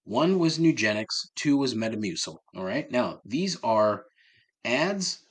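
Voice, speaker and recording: A man's voice: medium pitch, big pitch swings, a little slow. A man hosting a solo podcast, ranting with sarcasm and heavy swearing. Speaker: podcast host.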